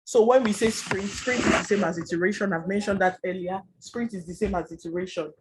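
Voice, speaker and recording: A man teaching a Scrum class online, explaining fast and chatty with many fillers. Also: high-pitched, noisy background. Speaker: Scrum trainer.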